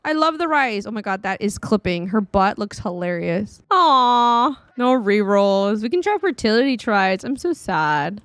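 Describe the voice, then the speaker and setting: A woman gaming YouTuber giving casual, chatty let's-play commentary at her desk mic, excitable and often laughing. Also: a little high, no room sound. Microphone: studio desk mic.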